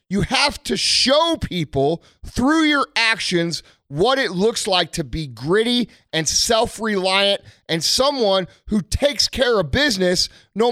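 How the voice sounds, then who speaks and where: A man with a high voice delivers a blunt motivational rant, cursing freely as he drives his points home. The sound is dry and close, with no room around him. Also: sharp tone, no echo. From United States. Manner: blunt, aggressive, heavy swearing. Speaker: motivational speaker.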